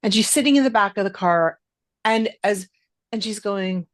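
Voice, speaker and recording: A woman's voice: mid-range voice, normal speed, no room sound. Middle-aged female podcast host, emphatic delivery, dry close-miked sound. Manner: emphatic, stresses words. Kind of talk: casual podcast conversation.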